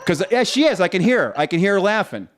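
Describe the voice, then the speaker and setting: Joking guy rambling thru a story in his basement, voice kinda high. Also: very animated, fast. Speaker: podcast co-host. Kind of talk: casual chat. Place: home basement.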